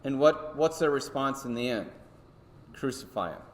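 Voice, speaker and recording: Speaking in a middle-pitched voice, a man gives a laid-back, conversational Sunday school Bible lesson, frequently pausing to ask his listeners "okay?" or "right?". The recording carries a long reverb from a big, echoing church hall.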